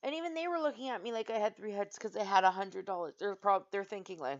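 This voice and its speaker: A woman vlogger telling a story and ranting in an exasperated, animated way, full of "like"s. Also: medium pitch, fast talker, hardly any pauses. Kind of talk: casual ranting monologue. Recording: slightly dull lo-fi sound.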